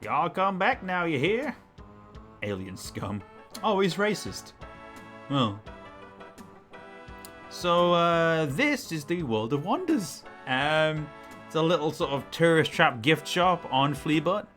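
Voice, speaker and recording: Man, casual game commentary, chatty asides, lively pitch, faint music behind. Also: takes it slowly, pauses often. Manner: chatty, rambling asides with fillers. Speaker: let's play host.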